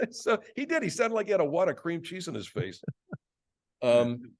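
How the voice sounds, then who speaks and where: This man speaks at a mid-range pitch with a sing-song, fast delivery, and the studio-quality audio has no room sound. He is a guest voice actor in a casual interview chat, thoughtful and reflective, often restarting and slipping into character voices.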